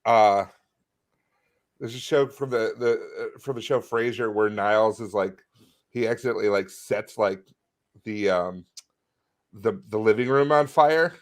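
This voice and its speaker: A man with a lowish voice co-hosts a comedy podcast and drops dry, wisecracking remarks. His delivery is casual and offhand. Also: a little slow, pauses often. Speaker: podcast co-host.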